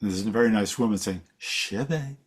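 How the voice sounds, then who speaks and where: A man's voice: fairly low pitch, measured pace, a little mellow. A man giving a casual slide talk at a seminar, rambling and correcting himself as he goes. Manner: rambling, self-correcting, chuckles. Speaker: seminar presenter.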